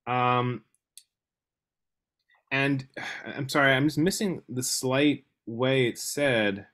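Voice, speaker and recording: A man's voice: medium pitch, takes it slowly. A man in a casual book discussion, talking with lots of hesitation and restarts, sometimes reading passages aloud. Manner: animated, hesitant, many restarts and fillers. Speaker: podcast co-host discussing a novel.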